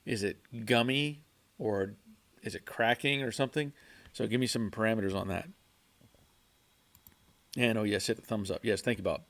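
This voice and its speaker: A man hosting a casual livestream from his garage, reading viewer chat and answering in a halting way, repeating words and chuckling often. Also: fairly low pitch, fairly bright tone. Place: home garage.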